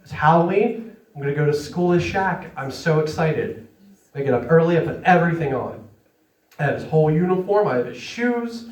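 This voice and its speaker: Onstage at a comedy club, a man runs a self-deprecating set, laughing mid-line and frequently checking in with the audience in a chatty way. His fairly high voice is expressive and brisk. A distant mic leaves the recording roomy.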